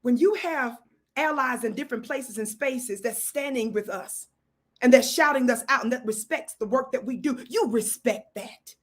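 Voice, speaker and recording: High-voiced woman preaching to her chat. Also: normal speed. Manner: preacher-like, calls out to audience, blesses viewers. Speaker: livestream host. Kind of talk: live-stream commentary reading chat.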